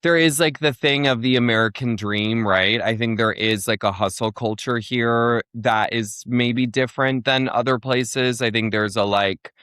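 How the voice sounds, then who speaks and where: A man's voice: mid-range voice, normal speed, few pauses, a bit bright, smooth, dry recording. A young man from Fargo, North Dakota, chatting as a podcast guest in a mid-range voice. He rambles, restarts his sentences and leans on "like" constantly. The recording is dry and close. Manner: rambling, heavy on "like", many restarts. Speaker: comedian guest. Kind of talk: casual podcast interview.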